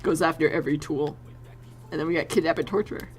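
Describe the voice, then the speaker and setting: A woman streamer chatting casually while she draws, excitable, laughing often and swearing freely. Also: deep voice, quick pace. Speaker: streamer and artist.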